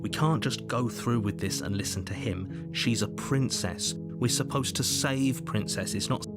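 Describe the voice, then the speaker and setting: A man's voice: medium pitch, measured pace, natural voice. A man voicing a young male hero's inner voice, incredulous and pleading. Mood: exasperated. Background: game guitar music.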